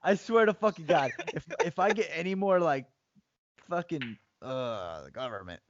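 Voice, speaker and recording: A man's voice: a little high, animated, normal speed, a little hiss or hum. A man, co-hosting a podcast and reminiscing in a laid-back, profane way. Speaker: podcast co-host. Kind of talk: casual chat. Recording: dry dull lo-fi podcast audio.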